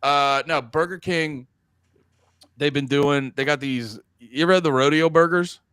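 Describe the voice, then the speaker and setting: A man's voice: a little high, a little slow, clear, resonant tone, no room sound, studio quality. A man in his thirties co-hosting a casual podcast, rambling and swearing freely, often restarting his sentences. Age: 30s. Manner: rambling, animated, swears a lot, stammers on restarts. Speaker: podcast co-host. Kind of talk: casual chat.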